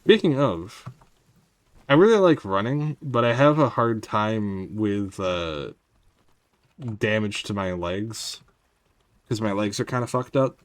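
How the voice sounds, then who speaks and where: He speaks slowly and expressively in a voice on the low side, leaving long pauses, and the recording is dry. As a gaming streamer, he chats casually and wryly with his audience, rambling between moves and replying to chat.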